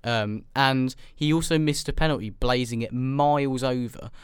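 A man's voice: medium pitch, normal speed, smooth, dry recording. A young man co-hosting a casual football podcast in a studio, rambling and sarcastic with lots of ums. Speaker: podcast co-host.

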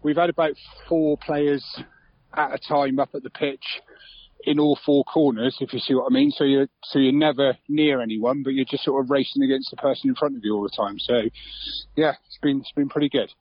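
A man talks in a relaxed, chatty way, full of fillers and restarts. His voice sits at an everyday pitch. The sound is a little dull, as if the line has lost some of its top end. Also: brisk. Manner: easygoing, chatty, with frequent fillers. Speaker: club secretary interviewed on local radio. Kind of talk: casual phone interview.

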